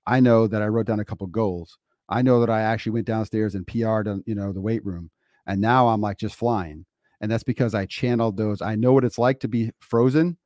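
A man's voice: lowish voice, fairly even intonation, a little fast, darkish tone, no echo, studio quality. A man co-hosting a podcast, talking earnestly and emphatically, laying out his points one by one. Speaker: podcast co-host. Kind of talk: casual podcast chat.

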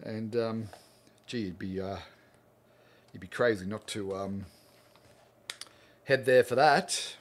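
A man's voice: lowish voice, slow pace, long pauses, a little hiss or hum. Friendly Australian man hosting a livestream. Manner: friendly, greets viewers one by one by name. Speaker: art teacher hosting a livestream Q&A. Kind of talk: casual livestream chat.

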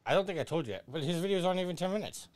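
A man's voice: sits high, animated, very fast, a crowd in the background. A man hosting a game stream, rambling casually through gaming talk and chuckling often. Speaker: streamer host.

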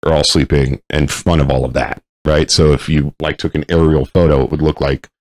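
A man co-hosting a veteran talk show, telling a barracks story in casual chat, animated, swearing and shouting out the lines of the people in his story. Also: very deep voice, fairly quick, no echo. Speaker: veteran podcast co-host.

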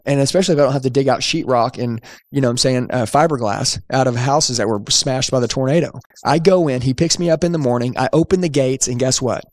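Man, forties, brisk lively storytelling, acts out voices, dry close sound. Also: medium pitch, no room sound. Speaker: car sales speaker. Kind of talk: storytelling to an audience.

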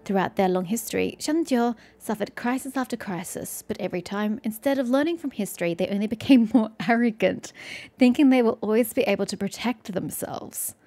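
A woman reads aloud a video game's scornful architect, who despises old officials, in a disdainful, lecturing manner. Her voice is on the high side, fairly quick and warm.

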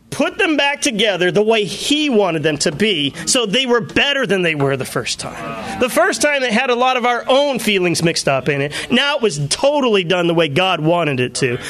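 A male pastor preaching a sermon, telling personal stories in an animated way and laughing often. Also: high voice. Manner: animated storytelling with frequent laughter.

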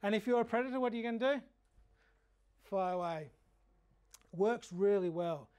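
High-voiced Australian man telling frog stories. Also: normal speed, clear, resonant tone. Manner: animated anecdotal storytelling; humorous. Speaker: frog educator. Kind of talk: workshop lecture.

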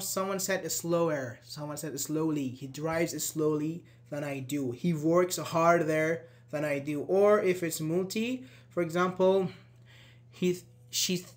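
A man teaching a live online English grammar class. He is patient and encouraging, praises answers and often checks with "okay?". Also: a little high.

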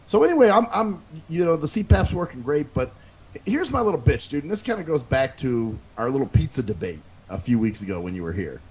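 Brief: male podcast co-host, lively swinging pitch, loose and cussing, acts out the quotes. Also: brisk, slight background noise. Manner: animated storyteller, acts out quotes, curses freely. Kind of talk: casual profane chat.

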